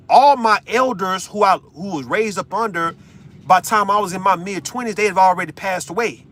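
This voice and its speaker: Middle-aged man, raw confessional vlog monologue, slightly high voice, faint vehicle hum behind. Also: pushed and bright. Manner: heartfelt, profane, repeats words. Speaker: vlogger. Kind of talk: emotional monologue while driving.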